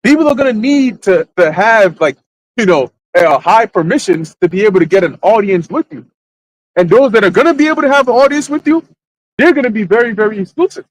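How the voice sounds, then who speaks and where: High-voiced man searching for words. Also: lively intonation, low-quality recording. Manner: halting, searches for words with many fillers. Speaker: church teacher. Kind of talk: conversational sermon in a live church stream.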